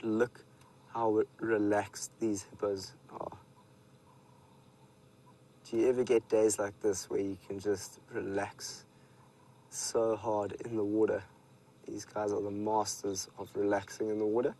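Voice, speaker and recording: Safari guide, male, South African accent, lowish voice, laid-back live commentary outdoors. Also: measured pace, long pauses, poor audio. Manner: relaxed storytelling, speaks to viewers. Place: outdoors in the bush.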